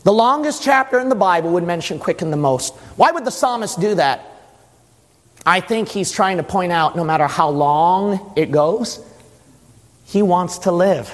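High-voiced preacher shouting in a reverberant hall. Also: male voice, expressive, normal speed. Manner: dramatic storytelling, rising into shouting. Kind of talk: impassioned sermon.

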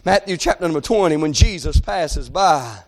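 A man preaching a fervent sermon, often shouting and calling out amen. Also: a little high, expressive, moderate pace.

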